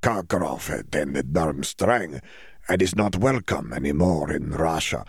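A man's voice: very deep voice, lively intonation, measured pace, creaky, slightly rough, no room sound, clean studio sound, heavily acted. A man reading an audiobook voices an earnest young male student wizard who talks in stiff, formal phrasing with hesitations. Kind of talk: audiobook character voice.

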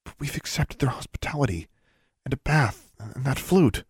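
A man's voice: fairly low pitch, very animated, fairly quick, slightly rough, dry recording, studio quality, pitched above the performer's own voice. A man voicing an anxious young witch girl. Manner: urgent hissing, then soft.

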